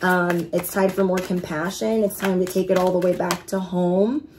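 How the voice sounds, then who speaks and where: A woman giving a casual tarot reading, chatty and excitable, speaking straight to her viewers. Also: lowish voice, normal speed, very noisy. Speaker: tarot reader.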